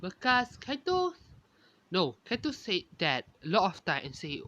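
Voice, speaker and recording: A woman narrates a fan story she makes up as she goes, slow and halting, often backing up to fix a name or word. Her pitch swings widely through each line, and the recording sounds dull and lo-fi. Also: huge pitch swings, sharp tone, no room sound. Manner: hesitant, often corrects herself mid-sentence.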